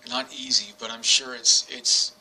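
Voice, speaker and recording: A man in his forties telling a personal story to camera, rambling and halting with many restarts. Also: mid-range voice, steady tone, bright, forceful tone, a little hiss or hum, poor audio. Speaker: vlogger. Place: England.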